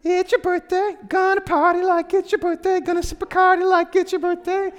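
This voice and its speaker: A man voicing a young boy who yells a mocking sing-song taunt across a field. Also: flat delivery, a little fast. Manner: shrill sing-song yelling.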